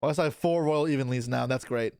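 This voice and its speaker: A man's voice: mid-range voice, fast, vocal fry, a little mellow, smooth, no echo, clean studio sound. A young man chatting casually on a live stream, answering his chat aloud while opening card packs, with offhand swearing. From Canada.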